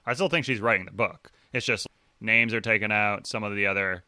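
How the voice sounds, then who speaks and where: A man's voice: on the low side, bright, forceful tone, clean tone. A man co-hosting a book-club podcast, joking and teasing in casual banter. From Boston area. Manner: joking, teasing, quick laughs. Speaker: podcast co-host.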